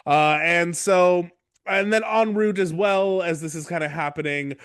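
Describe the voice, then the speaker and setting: A man hosting a podcast, casually recapping book chapters in a rambling, profane way and slipping into quick character voices. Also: high-pitched, fairly bright tone, clear, resonant tone, dry recording, studio quality. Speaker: podcast host.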